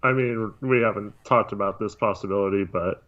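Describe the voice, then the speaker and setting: A man co-hosting a casual sports podcast, talking in a measured, hedging way. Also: on the low side, a bit bright. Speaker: podcast co-host. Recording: dull lo-fi mic.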